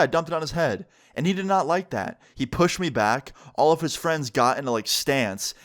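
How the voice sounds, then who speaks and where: A young man telling a casual story time on his vlog, with animated, emphatic delivery and lots of fillers. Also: a little high. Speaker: YouTuber.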